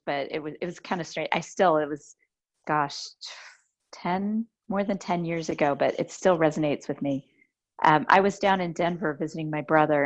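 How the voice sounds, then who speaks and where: A woman podcast host with a low voice chats casually and tells a story. She's a lively storyteller who acts out the voices she quotes. The recording sounds muffled.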